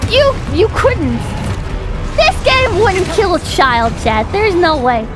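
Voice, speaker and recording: A woman with a very high, bouncing voice gives playful gameplay commentary, talking straight to her chat. She exclaims often and swears freely. Game music plays clearly behind her. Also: very animated, slow. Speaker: streamer.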